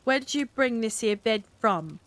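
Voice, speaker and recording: A woman reads a story aloud in a cozy bedtime style, taking on the role of a stubborn middle-aged policeman who blusters in sarcastic, ungrammatical speech. Her voice is high-ish, expressive, and a bit bright at a normal speed, and the mood is stern.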